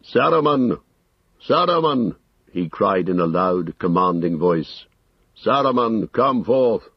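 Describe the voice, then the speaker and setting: A man's voice: fairly low pitch, moderate pace, husky, no room sound, dull audio. A man reading an audiobook, voicing a stern, commanding old male wizard. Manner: firm, commanding.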